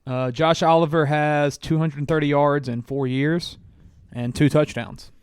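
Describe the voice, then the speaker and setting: A man co-hosting a casual sports podcast, reading through a team roster and musing aloud with many pauses. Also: a little high, fairly even intonation, smooth, dry recording, studio quality. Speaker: podcast co-host.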